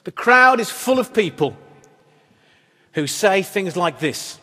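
High-voiced man preaching in an echoey hall. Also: expressive, takes it slowly, bright, forceful tone, husky. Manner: conversational, wry preaching with rhetorical questions. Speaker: pastor. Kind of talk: sermon.

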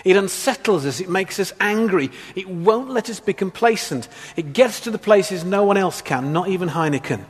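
A man's voice: sits high, expressive, moderate pace, few pauses, slightly rough, long reverb tail. A man preaching a sermon, mixing scripture with humorous childhood stories. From England, Black Country.

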